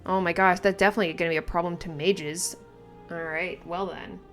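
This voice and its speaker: A woman reacting casually to a manga, thinking aloud with lots of fillers and restarts, and breaking into excited exclamations and giggles. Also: fairly low pitch, fairly quick, soft background music. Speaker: manga reaction channel host.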